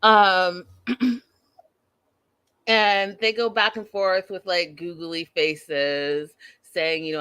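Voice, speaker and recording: A woman's voice: on the low side, steady tone, drawn-out words, pauses often, sharp tone, smooth. A woman hosting an online recap of a reality show, talking casually and chattily with the viewers and laughing at herself.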